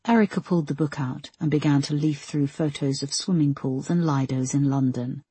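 A woman narrating an audiobook in a measured, even storytelling manner. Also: low voice, husky, no echo. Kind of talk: scripted narration.

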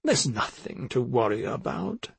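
A calculating woman who poisons without blinking, voiced by a man speaks in a smooth, controlled, coaxing way. The voice sits well above his usual register and stays husky and breathy. It is close and dry, like an audiobook. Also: on the high side, animated, normal speed, dry recording, voice pushed up, heavily acted. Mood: soothing. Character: cold scheming woman poisoner, persuasive and calm. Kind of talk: audiobook character voice.

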